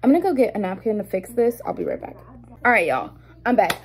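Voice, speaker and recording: A young adult woman vlogger telling a story in a casual, animated and indignant way while doing her makeup at home, with lots of fillers. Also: medium pitch, fast, low-quality recording.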